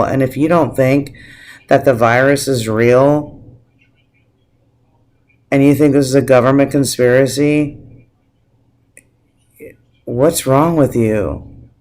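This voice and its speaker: A man's voice: mid-range voice, steady tone, measured pace, long pauses. A man on a casual video blog, ranting emotionally, teary-eyed and swearing freely, with frequent restarts. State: teary, on the verge of crying. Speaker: vlogger. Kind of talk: casual opinion rant to camera.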